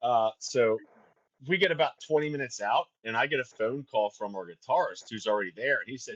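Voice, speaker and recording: A man's voice: mid-range voice, a little fast. Swearing male guest, dull lo-fi sound. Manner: profane, laughing, animated storyteller. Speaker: band vocalist and guest. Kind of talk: casual storytelling chat.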